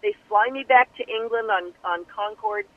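An older woman telling her life story in an interview, animated and acting out the voices of the people she quotes. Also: a little high, normal speed, dry recording. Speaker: guest singer. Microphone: telephone. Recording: tinny phone line.

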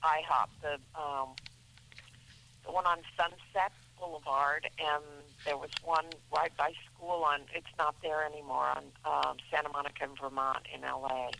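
A woman's voice: deep voice, fairly even intonation, moderate pace, gravelly, bright, forceful tone, a little hiss or hum, rough recording. A middle-aged woman, an actress guest in a radio interview, talking in a chatty, rambling way with many restarts.

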